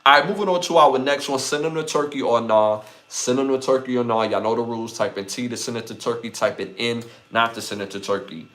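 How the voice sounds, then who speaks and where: A man's voice: mid-range voice, a little fast, hardly any pauses. A man with a Brooklyn accent hosting a live podcast, chatting loosely with viewers and repeating his phrases. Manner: repeats phrases, gives shout-outs, loose slangy delivery. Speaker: podcast host.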